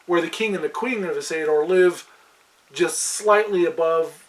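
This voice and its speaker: A man's voice: fairly high pitch, normal speed, distant mic, low-quality recording. A man who runs a tabletop fantasy world, chatting casually on a podcast and rambling with many fillers and restarts. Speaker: game master.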